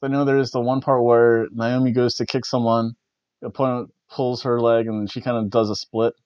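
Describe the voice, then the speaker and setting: A man casually reviewing wrestling matches, rambling and restarting his sentences with the odd chuckle. His voice is mid-pitched. The audio is dry and slightly muffled, like a modest home setup. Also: flat delivery, normal speed, a little mellow, no echo. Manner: rambling, self-correcting, chuckles often. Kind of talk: casual spoken event review.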